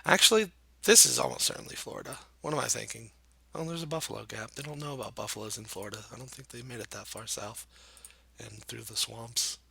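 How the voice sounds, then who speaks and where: A man casually commenting while playing a geography guessing game, thinking out loud with many hesitations and self-deprecating remarks. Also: mid-range voice, fairly quick, vocal fry, breathy edge. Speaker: gameplay commentator. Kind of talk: casual let's-play commentary.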